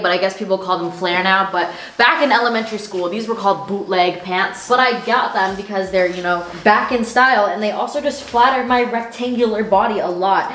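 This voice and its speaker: A woman's voice: mid-range voice, fairly bright tone. A young woman vlogging a sponsored try-on haul, chatting in a bubbly, slangy way full of "like" and "literally". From Canada. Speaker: fashion vlogger. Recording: echoey room, faint noise.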